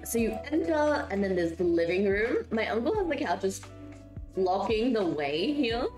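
A woman's voice: mid-range voice, big pitch swings, measured pace, darkish tone, echoey room, soft background music. A woman streamer chatting casually and giggling with her viewers while she builds in a game, her voice still sleepy from just waking up. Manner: giggly and chatty, reading out and answering chat. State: just woke up, voice not warmed up.

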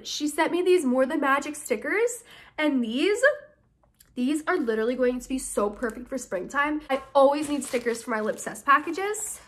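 A woman's voice: high-pitched, lively intonation, normal speed, slight background noise. A woman in her early twenties, chatting bubbly and gushing as she opens and reads fan mail aloud in a casual vlog. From United States. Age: early 20s. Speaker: YouTuber opening fan mail.

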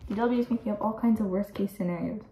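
A teenage girl races through a picture book for young listeners, giving the characters voices and chatting in asides. Her mid-range voice has a dark tone, and the low-quality recording carries slight background noise.

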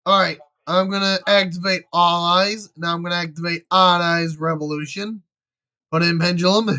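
A man talks loosely over his gameplay, narrating his moves between jokes. His voice sits high with a bright, sharp edge. The tone is casual and irreverent, with frequent swearing. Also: steady tone, normal speed, smooth. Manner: chatty, jokey, swears freely. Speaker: gamer.

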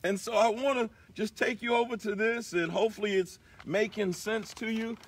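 A man's voice: high voice, steady tone, moderate pace, husky. A man hosting a live inspirational broadcast, preaching emphatically and repeating his key lines. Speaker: broadcast host.

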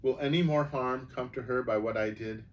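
A man's voice: medium pitch, normal speed, distant mic, highs cut off, natural voice. A man voicing an earnest, respectful young girl who asks polite questions, in a storybook read-aloud.

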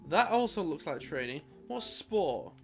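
Over faint music, a British man who makes gaming videos narrates a let's-play, grumbling sarcastic, exasperated remarks and occasionally swearing. He sounds on the high side and very animated, speaking a little slowly with vocal fry.

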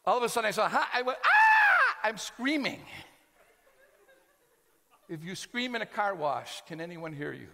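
American male preacher, high and bright, comic sermon story in a reverberant hall. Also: normal speed, gravelly, long pauses. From United States. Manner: animated, shouting and laughing through a story. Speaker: pastor.

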